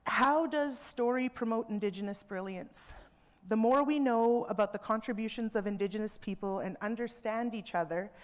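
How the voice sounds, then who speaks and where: A woman speaking earnestly to a seminar audience from a theatre stage, measured, with emphatic repetitions. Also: medium pitch. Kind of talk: reflective public talk.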